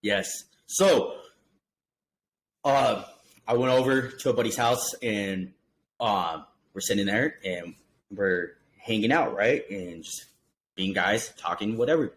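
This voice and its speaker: A man hosting a casual podcast, telling stories in a loose, animated, chatty way. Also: lowish voice, slow pace, slight background noise, low-quality recording. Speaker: podcast host.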